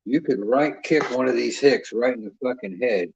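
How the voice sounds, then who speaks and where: Cussing guy rambling on his channel, lowish bright voice, dull lo-fi sound. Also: a little fast, gravelly, few pauses, breathy edge, dry recording. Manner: profane, rambling, boastful. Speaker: boxing channel host. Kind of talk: casual rambling chat.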